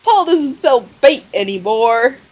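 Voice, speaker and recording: A woman voicing a tall, simple-minded young man who talks slowly and loudly. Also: fairly high pitch, animated, pitched above the performer's own voice, rough recording. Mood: eager.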